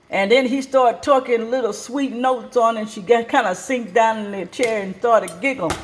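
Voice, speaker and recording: A woman hosting a cooking show and telling a story at her kitchen stove, lively and plain-spoken. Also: on the high side, normal speed, few pauses.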